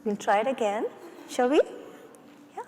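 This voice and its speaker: A woman's voice: on the high side, lively intonation, normal speed, a little mellow, a little hiss or hum. A woman leading an audience through face yoga exercises at a conference, coaxing and playful as she gives instructions. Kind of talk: leading a live exercise session. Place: conference hall. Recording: reverberant conference hall.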